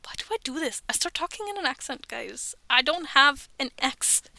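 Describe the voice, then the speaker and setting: A woman in her thirties reading scary stories aloud from home, breaking off for chatty, self-aware asides and soft whispered remarks. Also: high-pitched, lively intonation, normal speed, gravelly, dry recording. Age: 30s. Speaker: streamer reading online stories. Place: bedroom at home.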